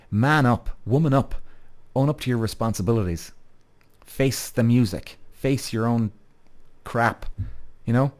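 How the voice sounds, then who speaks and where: Blunt, swearing podcast host. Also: male voice, medium pitch, darkish tone. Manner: blunt, emphatic, acts out quoted voices; repeatedly asks "right?" as a tag. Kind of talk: candid monologue with frequent swearing.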